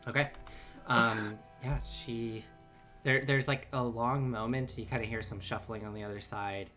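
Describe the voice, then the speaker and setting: A woman's voice: a bass voice, fairly even intonation, fairly bright tone. Woman running a tabletop game, lots of ums and restarts, music playing under. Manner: halting, full of ums and restarts. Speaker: game master. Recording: music bed behind.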